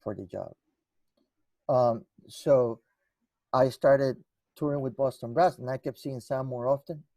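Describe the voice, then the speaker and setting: A man's voice: mid-range voice, fairly even intonation, measured pace, pauses often, dark tone, no room sound. A man guest in an interview, telling stories in a rambling way with many restarts and acted-out dialogue. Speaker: guest musician. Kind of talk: conversational storytelling.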